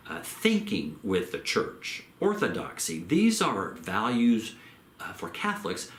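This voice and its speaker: A man giving a theology lecture in a measured way, repeating phrases and slowing down on key terms. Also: low-pitched, fairly bright tone, roomy sound. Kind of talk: recorded lecture.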